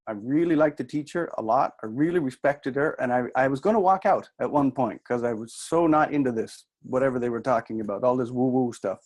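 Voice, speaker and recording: A man's voice: medium pitch, darkish tone. A middle-aged man from New Brunswick with a mixed Canadian-Irish accent, giving a chatty, self-deprecating workshop talk to an audience. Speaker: workshop speaker.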